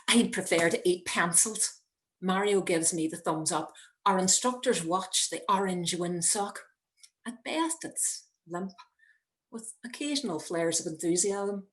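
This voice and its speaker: Middle-aged woman, unhurried wry storyteller, dramatic pauses, home video-call sound. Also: medium pitch. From Northern Ireland. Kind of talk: personal story reading. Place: home, indoors.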